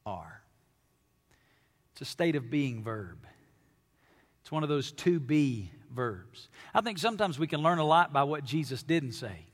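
A man from Alabama with a Southern accent, preaching a sermon as pastor, emphatic and animated with playful asides to the congregation. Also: on the high side, measured pace, long pauses. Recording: long hall reverb.

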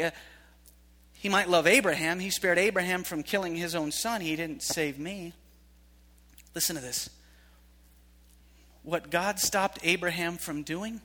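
A man preaching a sermon to young people, telling stories in an animated way that swings from hushed to shouting. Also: on the high side. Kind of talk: sermon to youth. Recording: live hall reverb.

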